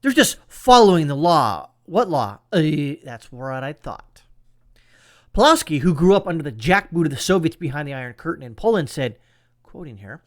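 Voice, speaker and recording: A man's voice: on the high side, sing-song, moderate pace. A man hosting a political commentary show, talking in an emphatic, sarcastic rant. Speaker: commentary channel host.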